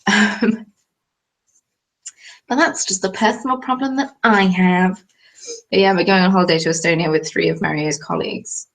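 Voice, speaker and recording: Her voice sits lowish and a bit bright, creaky, at a moderate pace broken by long pauses. As host of a casual live knitting stream, this young Englishwoman rambles while reading viewer comments.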